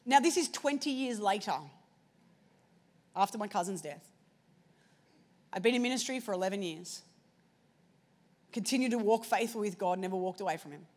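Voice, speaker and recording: A woman preacher telling a personal story in a sermon, shifting between hushed and loud moments. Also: mid-range voice, moderate pace, pauses often.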